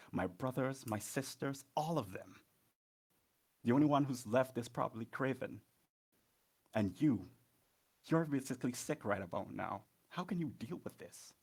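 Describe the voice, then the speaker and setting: A man's voice: fairly low pitch, vocal fry, breathy edge, exaggerated voice. A man voicing a bitter young man who grieves his dead siblings, blunt and cold, rising to furious outbursts.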